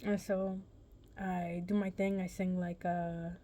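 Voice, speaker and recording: A woman's voice: lowish voice, flat delivery, slow pace, mellow. A young woman vlogger casually telling a personal story, rambling and correcting herself in a laid-back, chatty way.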